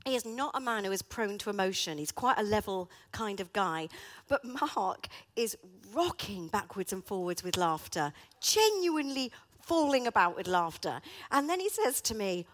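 A woman's voice: mid-range voice, sing-song, moderate pace. A middle-aged woman telling a comic story with dramatic flair, then drawing a reflective lesson from it. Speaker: speaker. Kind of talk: animated storytelling with a reflective moral.

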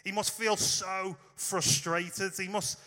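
A man's voice: sits high, level tone, takes it slowly, sharp tone, big-room sound. A man preaching in a casual, storytelling way, talking straight to his listeners. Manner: informal, storytelling, direct address to listeners. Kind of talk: conversational sermon.

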